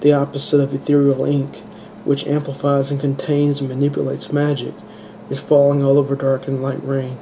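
A man reading his own fantasy story aloud, halting and restarting words, in a dull lo-fi home recording. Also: mid-range voice, completely flat delivery, gravelly, mellow, slight background noise. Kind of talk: amateur audiobook reading.

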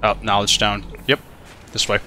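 Chatty bright-voiced male gamer. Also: on the low side, normal speed, faint music behind. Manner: animated, chatty, swearing, talks to game creatures. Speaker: gaming channel host. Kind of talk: casual let's play commentary.

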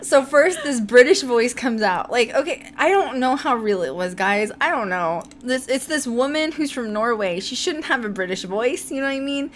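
Young female host, animated and giggly storyteller, light background noise. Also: fairly high pitch, moderate pace, hardly any pauses. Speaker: podcast host. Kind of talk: casual chat.

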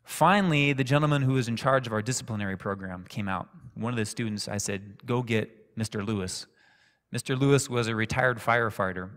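Calm male preacher in echoey church. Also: on the low side, brisk. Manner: calm, conversational storyteller. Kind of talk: sermon with personal storytelling. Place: church sanctuary. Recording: echoey church hall reverb.

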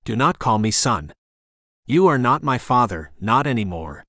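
A man's voice: mid-range voice, very animated, moderate pace, a bit bright, dry recording, clean studio sound. A man voicing a fierce, defiant young half-demon man, speaking in a growling, hard-edged way.

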